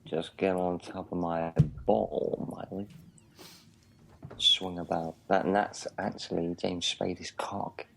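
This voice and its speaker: Male co-host, low creaky voice, dry crude humor. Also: flat delivery, slow pace, long pauses, a bit bright, slight background noise. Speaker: film commentary co-host. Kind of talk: casual jokey commentary.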